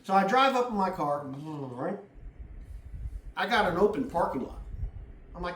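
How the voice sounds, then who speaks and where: A blunt, foul-mouthed middle-aged man explains driving and parking in a casual demonstration. His voice sits a bit high and sounds distant, bouncing around an echoey room with faint background hum. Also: animated, normal speed, long pauses. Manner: blunt and profane, acts out other drivers. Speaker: driving advice presenter.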